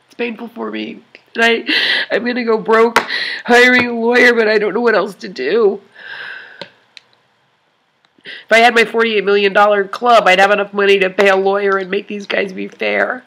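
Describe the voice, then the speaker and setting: A woman talking to her online club in an emotional confessional vlog, tearful and crying, rambling and halting with many sighs. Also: medium pitch, level tone, vocal fry, a bit bright.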